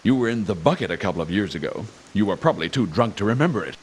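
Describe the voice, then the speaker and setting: A man acts out a boastful palace guard in a game who spins tall tales. He sounds smug and jokey, with a low voice that moves around a lot. A faint hiss runs under it. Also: animated, racing, lightly acted.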